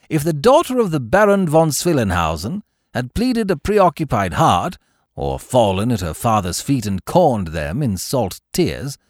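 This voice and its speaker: A man narrates a classic tale in a theatrical storytelling manner. His pitch rises and falls dramatically from phrase to phrase. The recording is close and dry. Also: no echo. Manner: theatrical, highly animated storytelling. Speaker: podcast host and reader.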